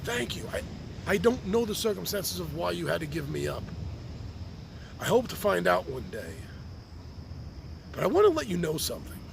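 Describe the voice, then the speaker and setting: A man delivers a personal open-letter monologue in a heartfelt, reflective way. His voice sits fairly high and carries a gravelly fry. His pitch moves widely as he speaks. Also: big pitch swings, normal speed, pauses often, a little hiss or hum. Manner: heartfelt and reflective, with a few repeated restarts. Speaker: podcast host writing to his birth mother.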